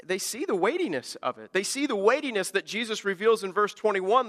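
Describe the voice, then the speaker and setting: A man's voice: sits high, very animated, brisk, few pauses, fairly bright tone, big-room sound. A man preaching an earnest sermon as a pastor, often stammering and restarting words as he builds his points.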